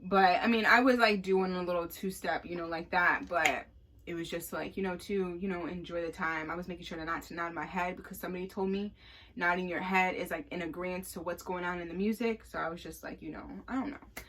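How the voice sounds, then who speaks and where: A young woman casually telling a story, animated, acting out what people said, with lots of fillers. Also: fairly low pitch, a little fast, a little hiss or hum. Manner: animated, acts out quotes, many fillers.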